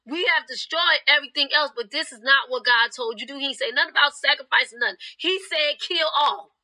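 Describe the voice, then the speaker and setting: A woman's voice: high-pitched, fairly quick, sharp tone, rough recording. A young woman preaching a fervent sermon, retelling scripture in her own words.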